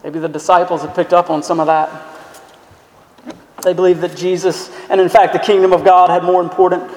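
A man's voice: high-pitched, level tone, brisk, darkish tone. A man preaching a sermon as a pastor, earnest and emphatic, asking the listeners questions. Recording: echoey hall sound.

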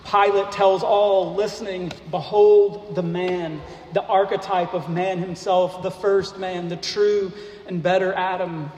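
Man preaching slowly in an echoey hall. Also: high voice, flat delivery, darkish tone. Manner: slow, deliberate preaching with rhetorical questions. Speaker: pastor. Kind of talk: sermon. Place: church sanctuary. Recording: echoey hall, faint noise.

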